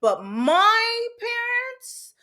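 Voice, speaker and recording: A woman's voice: very high-pitched, big pitch swings, extremely slow, pushed and bright. A woman host telling a candid personal story from her childhood, casual and frank, with some swearing. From United States. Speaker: podcast host.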